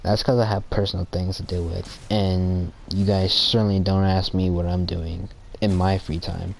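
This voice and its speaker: Deep-voiced teen guy rambling. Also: level tone, gravelly, slight background noise. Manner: rambling, halting, many restarts and fillers; acts out friends in quoted voices. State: sore teeth from aligners. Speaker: gaming channel creator. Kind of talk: casual rambling talk while gaming.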